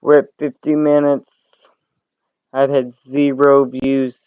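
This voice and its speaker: A man's voice: mid-range voice, little pitch movement, slow, clean tone, no room sound. A man hosting a casual livestream, chatty and swearing, laughing and coughing between lines. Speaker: livestream host. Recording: tinny phone-like audio.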